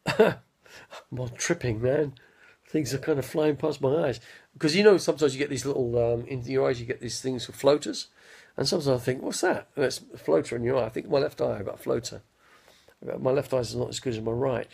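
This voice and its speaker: A man in his fifties telling rambling stories on a live stream, speaking slowly with a slight stutter and often losing his train of thought. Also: medium pitch, a little mellow. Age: 50s. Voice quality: gravelly, husky. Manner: slow, halting, loses his train of thought. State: mild stutter after head injury. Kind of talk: rambling casual storytelling.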